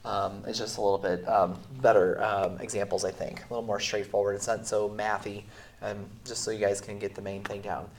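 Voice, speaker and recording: A man who is sick, teaching a recorded math lesson in a relaxed way with many fillers, going through the steps slowly. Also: fairly low pitch, slight background noise. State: sick, voice sounds off. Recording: roomy echo.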